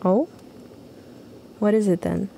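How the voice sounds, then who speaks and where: A woman's voice: mid-range voice, steady tone, slow, creaky, warm tone, a little hiss or hum. A woman voicing a young girl heroine in a video game, asking questions in a wondering, raised voice. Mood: curious.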